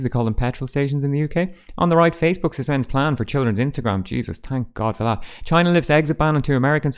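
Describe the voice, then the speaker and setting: A man's voice: medium pitch, clean tone. A man hosting a casual roundup of newspaper front pages, with dry, sarcastic asides. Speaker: host.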